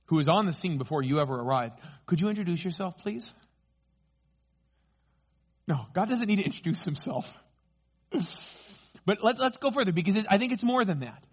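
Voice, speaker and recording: A man preaching a sermon, emphatic, slowing down on key phrases and rising when excited. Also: on the high side. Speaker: pastor.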